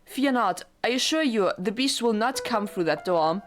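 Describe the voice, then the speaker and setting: A woman voicing a chillingly gentle young maid, speaking softly and formally as she reads a visual novel aloud. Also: fairly high pitch, lively intonation, moderate pace, soft background music, lightly acted. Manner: soft, formal and courteous.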